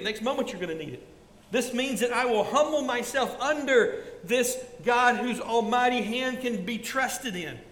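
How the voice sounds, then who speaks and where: A man around sixty preaching a sermon, earnestly repeating his points and going quiet when telling a personal story. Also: high-pitched, reverberant, in a large hall, poor audio. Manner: earnest, repetitive exhortation, drops soft for stories. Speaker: pastor.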